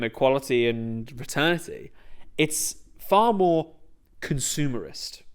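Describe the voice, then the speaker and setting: A man's voice: on the high side, clear, resonant tone. A young man hosting a comedic video essay, sarcastic and sweary, breaking into rants.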